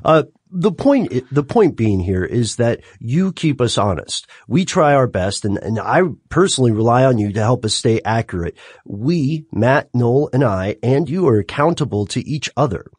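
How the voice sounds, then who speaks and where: A man co-hosting a podcast in casual chat, animated and quick to laugh. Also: medium pitch, breathy edge, no echo, studio quality. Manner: animated, laughs often, lively emphasis. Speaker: podcast co-host.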